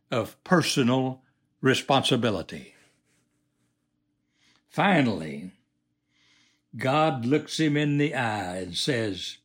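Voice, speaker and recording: A man delivers a moral monologue in a lecturing, emphatic way. He speaks slowly and swings his pitch widely, over a fairly high voice.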